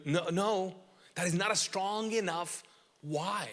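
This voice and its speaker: A man's voice: high-pitched, slow, a bit bright, long reverb tail. A man preaching a sermon as pastor, emphatic and repetitive, asking the audience questions.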